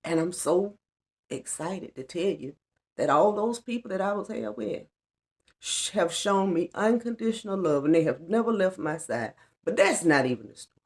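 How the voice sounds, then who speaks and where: A woman's voice: on the low side, expressive, normal speed, a little mellow. A middle-aged woman giving an earnest, colloquial personal testimony on a spiritual vlog, repeating lines for emphasis. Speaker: spiritual vlogger.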